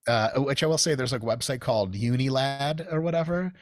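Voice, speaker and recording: A man's voice: medium pitch, fairly quick, no room sound, studio quality. An American man telling gym stories in a casual, profane podcast chat. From United States. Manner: profane, storytelling, animated. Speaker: guest.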